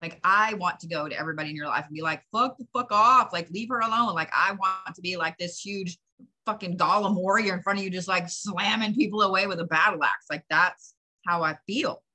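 A woman's voice: on the low side, steady tone, fairly quick, pushed and bright. A woman doing a channeled psychic reading, talking straight to the listener with blunt, profane, emphatic advice. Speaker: psychic reader. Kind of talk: channeled reading, direct address.

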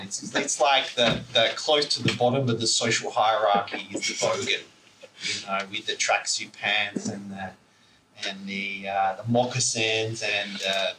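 Slow, rambling man on a distant mic. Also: mid-range voice, noisy background. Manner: rambling, chuckling, heavy with fillers. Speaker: speaker at a public talk. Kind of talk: informal public talk. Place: indoor talk venue. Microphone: camera's built-in mic. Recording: roomy, distant camera mic.

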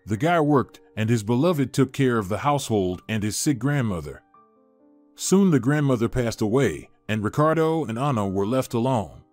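A man giving scripted story narration in a measured, even storytelling manner. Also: medium pitch, faint music behind.

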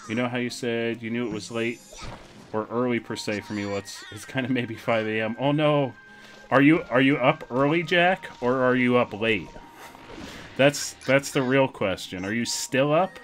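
A young man streaming a video game, commenting casually in an excitable, jokey way. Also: mid-range voice, normal speed, faint music behind.

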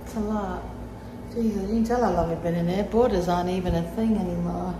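Tired gravelly British woman vlogging. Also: fairly low pitch, steady tone, quick pace. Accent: British English. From Britain. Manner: tired, chatty, emotional. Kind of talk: casual vlog chat. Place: emptying house, indoors. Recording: noisy home recording.

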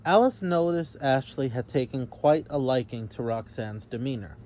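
A man reading a children's story aloud as narrator, in a measured way. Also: medium pitch, a little mellow, a little hiss or hum.

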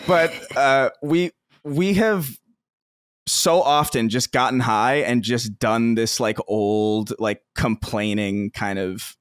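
A man's voice: medium pitch, takes it slowly, clean tone, no echo, clean studio sound. A man co-hosting a podcast in casual chat, rambling with many restarts and frequent laughs. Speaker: podcast co-host.

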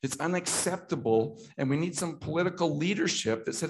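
A man's voice: a little high, quick pace, hardly any pauses. A middle-aged Canadian man giving an impassioned talk at a political meeting, repeating himself and restarting often as he grows emotional.

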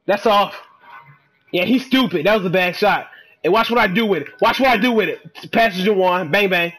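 A man giving excitable, trash-talking commentary while he plays a game, dropping to low mutters and then bursting into shouts. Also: moderate pace, husky. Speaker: gamer. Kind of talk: live gameplay commentary.

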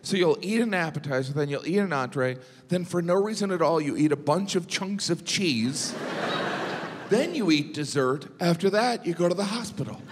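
Guy doing standup, dry jokes, highish voice, echoey hall with loud noise behind. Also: expressive, moderate pace. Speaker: stand-up comedian. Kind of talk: stand-up comedy set.

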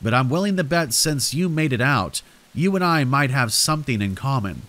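A man's voice: mid-range voice, lively intonation, moderate pace, a bit bright, close to an everyday voice. A man voicing a creepy, unhinged stranger in a horror story, snickering, pushy and frantic. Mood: sly. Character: creepy, unhinged middle-aged male stranger.

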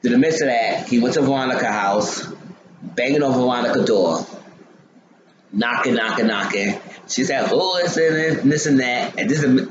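A man's voice: on the low side, roomy sound, dull audio, background noise. A man casually recapping a TV episode, rambling with many ums and restarts.

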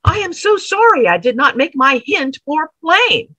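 A woman's voice: high voice, big pitch swings, measured pace, pushed and bright, no room sound, voice pushed up, heavily acted, rough recording. A woman voicing a nervous, kindly young male clerk who talks in a flustered, apologetic way.

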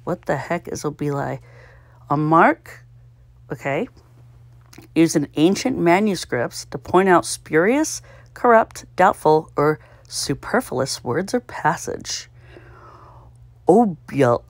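Lady vlogger muttering through guesses, self-mocking, lowish voice, dry close mic. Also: expressive, slow pace, pauses often, dry recording. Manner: self-mocking, thinks aloud, sounds out guesses, giggles. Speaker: puzzle-solving vlogger. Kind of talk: casual solo commentary while solving.

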